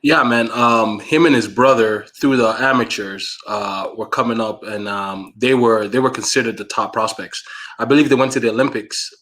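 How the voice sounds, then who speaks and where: A man's voice: mid-range voice, normal speed, fairly bright tone. A man co-hosting a casual combat-sports podcast, explaining things in a conversational way with plenty of fillers. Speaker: co-host.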